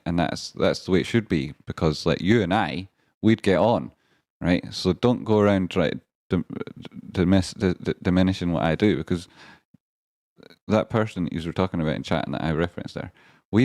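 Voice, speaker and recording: A man hosting a live stream in a rambling, excitable way, swearing now and then and swinging between grumbling and hype. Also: sits low, no echo, clean studio sound. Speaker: stand-in livestream host. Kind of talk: casual live-stream chat.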